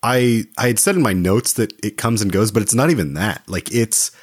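Male podcast co-host, low voice, hesitant and meandering delivery. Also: a little fast. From Oklahoma, USA. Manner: hesitant, many restarts and fillers. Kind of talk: casual film discussion.

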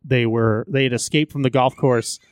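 A man's voice: mid-range voice, steady tone, normal speed, no room sound. A man co-hosting a podcast, chatting loosely about a film and laughing as he retells its scenes. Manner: laughs often, retells scenes with acted quotes. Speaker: podcast co-host. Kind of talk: casual movie review chat.

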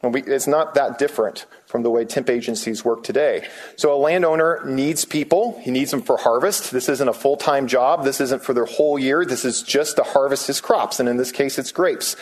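A man of middle pitch preaching a sermon. He reads scripture passages aloud, then talks them through casually, with ums and restarts. When he quotes people, his voice rises. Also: moderate pace. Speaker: pastor.

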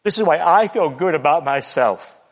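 A man's voice: a little high, animated, normal speed, in a large hall. A man preaching a sermon in an earnest, repetitive way, acting out the boasts he quotes.

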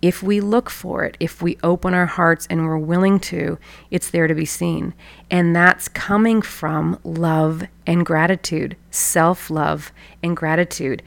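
A woman coach hosts her own show, telling a childhood story and drawing a life lesson from it. Her voice sits low, and she speaks reflectively, with soft laughs. The recording is dry, with no room sound. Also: steady tone, measured pace, gravelly, no room sound. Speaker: personal excellence coach and podcast host. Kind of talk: motivational storytelling monologue.

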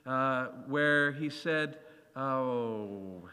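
Bright-voiced male preacher in a reverberant hall. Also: mid-range voice, measured pace. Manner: animated, acts out the voices of scripture. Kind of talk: sermon.

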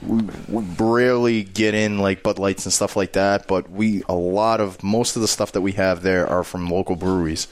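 A man's voice: sits low, steady tone, moderate pace, hardly any pauses. A man who works at a cigar bar, chatting casually and talking it up with enthusiasm. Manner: enthusiastic, promotional. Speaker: cigar bar staff member on podcast. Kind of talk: casual chat.

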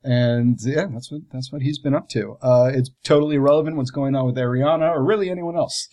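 A man's voice: mid-range voice, a little fast, mellow. A man player in a tabletop role-play, casually describing his character, rambling and amused, with lots of fillers.

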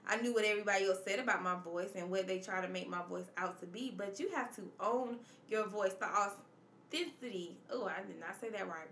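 A woman's voice: medium pitch, fast talker, hardly any pauses, fairly bright tone, echoey room, slight background noise. A woman hosting a confessional podcast, speaking emphatically and repeating her points in a preacherly way. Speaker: podcast host. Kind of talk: personal confessional podcast monologue.

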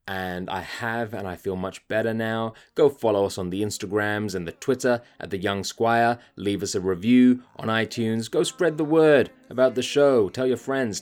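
A man's voice: lowish voice, darkish tone. A man hosting a podcast, ranting in an exasperated, profane monologue. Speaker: podcast host.

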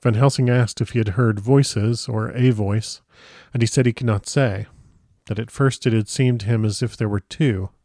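A man narrating a classic novel in a measured, grave storytelling manner on a close microphone. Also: lowish voice, steady tone, warm tone, no echo. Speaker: audiobook narrator.

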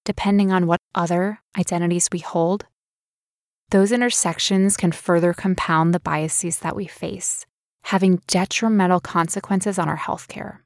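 A woman's voice: fairly low pitch, fairly even intonation, normal speed, dry recording, clean studio sound. A woman co-hosting a podcast, talking casually with sarcastic asides. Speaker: podcast co-host.

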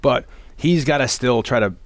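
A man co-hosting a casual talk show, discussing a film in an animated way, cursing and acting out lines of dialogue. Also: medium pitch, normal speed, dry recording. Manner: animated, swearing, acts out quotes. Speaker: podcast co-host.

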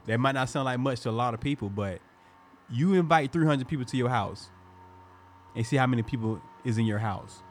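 A man's voice: mid-range voice, a little fast, slight background noise. Laid-back Southern American man podcasting. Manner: laid-back, relaxed storytelling with slang. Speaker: podcast co-host. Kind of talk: casual chat. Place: home garage.

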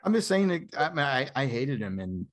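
A man's voice: medium pitch, big pitch swings, a little fast. A man chatting casually as a podcast co-host, blunt and opinionated, often laughing mid-sentence. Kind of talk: casual film chat.

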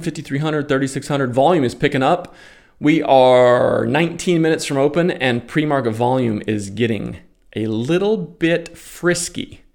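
A man's voice: medium pitch, creaky. A man talking in a casual, opinionated rant, exasperated and sarcastic, then calling out live stock trades. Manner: opinionated, exasperated, sarcastic, with mocking put-on voices. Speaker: stock day trader and commentator. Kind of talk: casual ranting monologue.

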